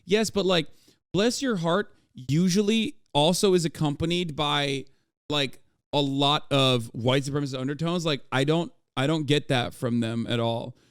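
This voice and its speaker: A man reacting to podcast clips on a livestream, rambling excitedly and swearing freely. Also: fairly high pitch, moderate pace, smooth, no echo, studio quality.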